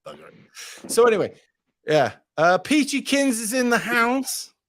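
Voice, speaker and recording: Lively sweary man hosting a stream. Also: extremely high pitch, normal speed. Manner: sweary, chatty, rambling. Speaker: livestream host. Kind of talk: casual livestream chat.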